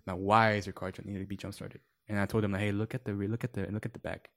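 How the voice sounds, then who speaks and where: A man's voice: fairly low pitch, level tone, quick pace. A man telling long work stories in casual chat, rambling with many fillers and acting out quoted voices. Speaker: podcast guest.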